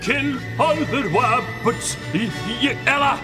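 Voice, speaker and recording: A man's voice: extremely high pitch, slow. A man voicing a goofy male dinosaur cop who slips into silly accents, zany and sing-song, in a film clip. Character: goofy male dinosaur cop switching comic disguise voices. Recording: film audio with loud music behind.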